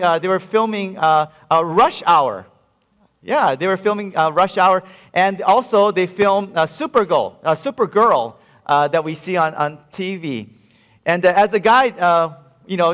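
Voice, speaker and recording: A man's voice: high voice, fairly bright tone. A man preaching a sermon in a playful, storytelling way, with a Hawaiian-tinged accent and many fillers. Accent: Hawaiian Pidgin-tinged English. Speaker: pastor. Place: large church hall. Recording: reverberant church hall.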